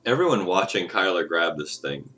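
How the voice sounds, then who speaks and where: A man's voice: low voice, big pitch swings, moderate pace, fairly bright tone, a little hiss or hum. A man running a tabletop game as game master, often laughing and amused.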